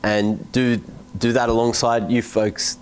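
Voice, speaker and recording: A man's voice: mid-range voice, level tone, unhurried, a little hiss or hum, rough recording. A man with an Australian accent, a guest in an easygoing comedy bit on an esports show. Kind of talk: comedy sketch banter.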